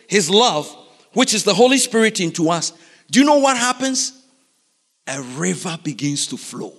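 A man preaching a sermon in a lively, animated way, constantly putting questions to his congregation, in a church. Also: sits high, normal speed. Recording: reverberant hall.

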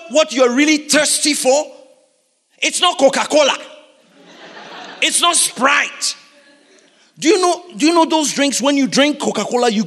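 High-voiced animated preacher in a hall. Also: male voice. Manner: animated, questions the congregation. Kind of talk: sermon. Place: church. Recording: reverberant hall.

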